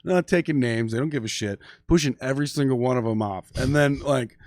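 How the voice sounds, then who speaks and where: A man's voice: mid-range voice, quick pace, a little mellow, dry recording. A man from Minneapolis telling long, profane stories in casual chat as a podcast guest, full of "you know" and "like". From Minneapolis, USA.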